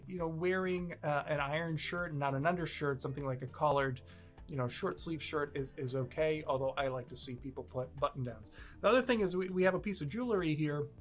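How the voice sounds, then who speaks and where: A man's voice: fairly high pitch, fairly bright tone. A man hosting a legal advice video, explaining a clip with candid, self-aware asides. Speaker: immigration lawyer, host.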